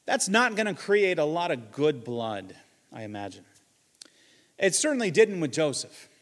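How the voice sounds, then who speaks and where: A man preaching a sermon, shifting between loud emphatic lines and quiet asides. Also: on the high side, big pitch swings, moderate pace, big-room sound. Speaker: pastor.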